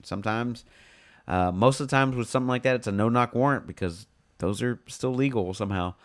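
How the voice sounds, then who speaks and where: A man's voice: medium pitch, a little fast. A young man co-hosting a podcast, talking bluntly in casual chat and swearing freely. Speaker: podcast co-host.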